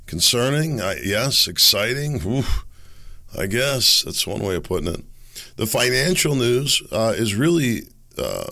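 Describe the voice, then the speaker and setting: A man hosting his own podcast while hoarse and losing his voice, talking in a rambling, hesitant, self-mocking way. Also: low-pitched, bright, forceful tone. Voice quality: raspy. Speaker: podcast host. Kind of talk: casual solo commentary.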